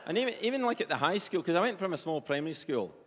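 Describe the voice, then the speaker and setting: Animated Perthshire man doing stand-up. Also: on the high side, racing, slight background noise. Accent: Scottish, Perthshire. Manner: animated storytelling, swears freely. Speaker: stand-up comedian. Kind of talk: live stand-up set. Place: live comedy venue. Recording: long reverb with faint ambience, live venue.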